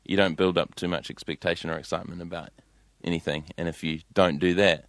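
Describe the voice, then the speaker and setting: A man with a New Zealand accent talking as a guest comedian, understated, deadpan and dryly literal. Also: deep voice, fast, no echo, clean studio sound. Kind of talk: casual interview. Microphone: studio microphone.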